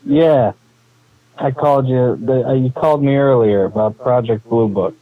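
A man on a phone call, calm and easygoing as he probes the caller. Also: mid-range voice, normal speed, dry recording. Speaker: prank call target. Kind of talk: phone conversation. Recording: tinny phone line.

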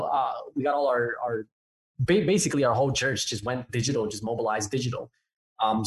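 A man from Newark, New Jersey, with a mixed American accent, chatting upbeat as a pastor guest on a podcast interview. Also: medium pitch.

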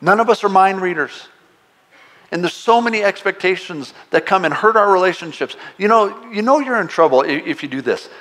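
Man preaching with a raised, lively pitch. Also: brisk. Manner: conversational preaching with playful asides; emphatic, rising on exclamations. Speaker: pastor. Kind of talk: sermon.

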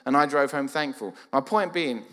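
A man, preaching a sermon as a lively storyteller who acts out quoted dialogue. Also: mid-range voice, normal speed. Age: 40s. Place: church. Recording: church hall reverb.

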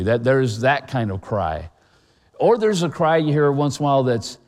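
Middle-aged male pastor, earnest conversational sermon, mid-pitched voice, long hall reverb. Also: lively intonation, normal speed, a little mellow. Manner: conversational and earnest, with many fillers and restarts.

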